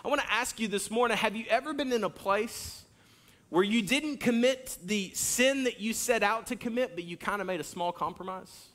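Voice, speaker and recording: A man in his thirties preaching a sermon in a church, telling a family story with animated delivery and acted-out lines. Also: high voice, normal speed. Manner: animated storytelling, acts out hollering and kids' lines. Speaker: pastor. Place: church sanctuary.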